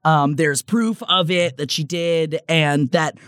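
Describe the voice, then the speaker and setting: A woman's voice: deep voice, steady tone, takes it slowly, no room sound, clean studio sound. A woman co-hosting a casual gossip podcast, explaining stories in detail. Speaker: podcast co-host.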